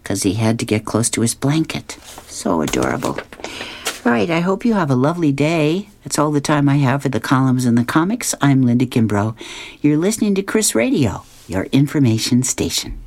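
A woman's voice: extremely low pitch, big pitch swings, moderate pace, a little mellow. A woman radio host reading comic strips aloud, chuckling as she goes.

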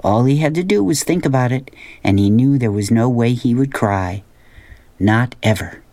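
A man narrating a storybook in a steady, plain reading voice. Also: medium pitch, moderate pace, dry recording.

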